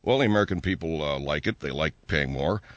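A man doing a smug, low-voiced oil executive. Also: lively intonation, fast, no echo.

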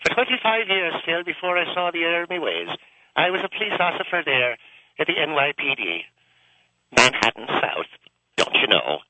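A man's voice: fairly high pitch, sing-song, moderate pace, sharp tone, dull audio, a little hiss or hum, exaggerated voice. A man voicing a pious but violent older Irish priest who used to be a cop, with a lilting Irish accent and a preachy sing-song delivery. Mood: wistful. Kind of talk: comedy radio sketch.

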